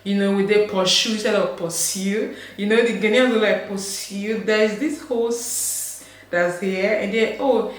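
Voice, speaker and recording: A woman's voice: mid-range voice, normal speed. A young woman from Nigeria with a Delta Nigerian accent, chatting casually to camera, laughing often and acting out voices she quotes. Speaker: vlogger. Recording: very echoey room, faint background hum.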